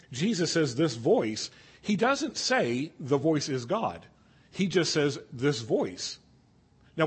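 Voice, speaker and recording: A man teaching an evening Bible study, talking through scripture in an easygoing, conversational way. His voice has a husky edge. He regularly stops to ask the class what they think. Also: mid-range voice. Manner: conversational, asks the class questions.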